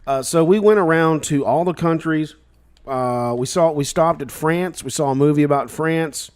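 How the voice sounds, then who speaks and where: A man co-hosting a podcast, relaxed and chiming in with short asides as he recounts a family trip. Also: on the high side, normal speed, clear, resonant tone. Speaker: podcast co-host. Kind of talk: casual chat.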